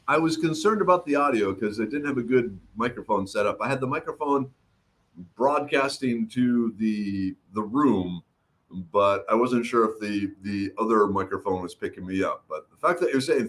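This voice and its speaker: At a moderate pace, a middle-aged man with a mid-range, slightly bright voice and lively intonation chats on a casual livestream. He reads viewer comments and greets people by name while his throat recovers.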